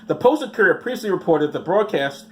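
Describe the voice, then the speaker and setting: A man's voice: sits high, lively intonation, quick pace, a bit bright, slight background noise. A man reading out news stories and mocking them with sarcastic, rambling asides. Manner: rambling, mocking asides, mumbled "blah blah" skips.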